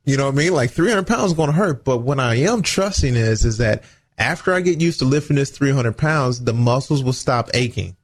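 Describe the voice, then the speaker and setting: A man's voice: mid-range voice, lively intonation, a little fast. A man co-hosting a radio talk show, speaking earnestly about faith, family and leadership, with a preachy tone. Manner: earnest, preachy, acts out little quoted exchanges. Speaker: radio show co-host, former football player.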